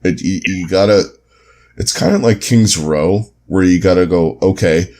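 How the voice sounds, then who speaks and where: A man with a very low voice, co-hosting a relaxed esports podcast chat. He talks in a loose, easygoing way, padding his thoughts with "you know" and "um". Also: measured pace. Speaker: co-host.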